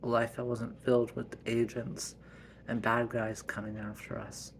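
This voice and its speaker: A man with a mid-range voice narrates a homemade story at a slow, unhurried pace. He talks softly, sometimes sinking to a near whisper. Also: medium pitch, completely flat delivery, creaky, a little hiss or hum. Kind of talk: improvised family story narration.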